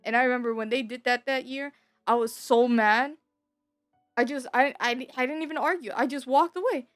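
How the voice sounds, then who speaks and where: A young woman telling a personal story in a casual, rambling way. She swears freely, repeats herself, and gets louder when she is upset. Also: high voice, normal speed, dry recording, faint music behind. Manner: bitter and emotional, voice rising when upset. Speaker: streamer.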